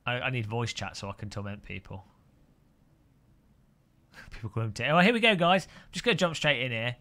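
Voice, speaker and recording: A man's voice: mid-range voice, fairly quick, bright, forceful tone. A man streaming sim racing, chatting and joking with viewers and often laughing. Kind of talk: casual live-stream commentary while sim racing.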